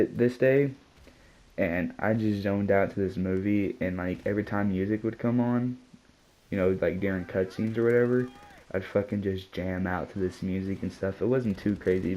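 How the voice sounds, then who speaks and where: A man's voice: on the low side, normal speed, dark tone, poor audio. A man telling a casual storytime vlog, rambling and slangy, peppering his talk with "dude" and curse words. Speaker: vlogger.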